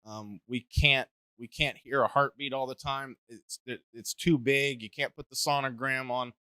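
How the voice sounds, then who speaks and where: A man's voice: medium pitch, steady tone, moderate pace, sharp tone, clear, resonant tone, no echo. A man working as an equine veterinarian, explaining things in an interview with frequent restarts.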